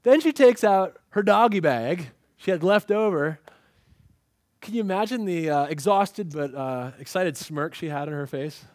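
A man delivers a lively sermon, dramatizing the story as he goes. His voice sits fairly high for a man. The recording is dry and close, with little room sound. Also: a little slow, dry recording. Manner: animated storytelling, acts out quoted lines. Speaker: pastor. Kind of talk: expository sermon.

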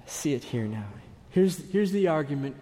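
A man preaching a sermon, earnest and emphatic, often dropping to a hush at the ends of phrases. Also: a little high, animated, moderate pace, slight background noise. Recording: long hall reverb.

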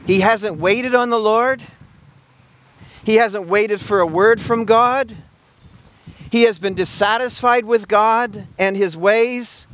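A man's voice: sits high, slow, fairly bright tone, slight background noise. A male pastor preaching a sermon, asking emphatic rhetorical questions and often repeating words.

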